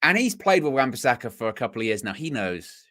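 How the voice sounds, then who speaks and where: A man's voice: medium pitch, sing-song, fast, bright, forceful tone, dry recording, clean studio sound. A man co-hosting a live match watchalong, a chatty storyteller who acts out quotes. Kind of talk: casual live match commentary.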